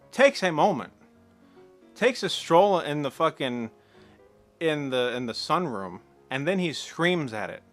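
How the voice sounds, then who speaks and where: A man's voice: medium pitch, a bit bright. A man ranting through a sarcastic, profane film commentary, exasperated and incredulous. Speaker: movie commentator.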